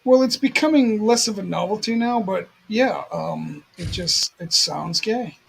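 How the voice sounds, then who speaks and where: A man's voice: sits high, a little slow, gravelly, fairly bright tone, a little hiss or hum, low-quality recording. A man hosting a livestream in casual chat, rambling and repeating himself. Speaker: livestream host.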